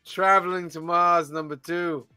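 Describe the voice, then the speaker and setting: A man hosts a casual podcast in a bright, forceful voice, slightly higher than most men. He works slowly through a list of titles in a measured, deadpan read. His wry asides and mock exasperation break up the list, and the sound is dry and close. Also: clean tone, dry recording, soft background music. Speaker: podcast host reading the weekly release list.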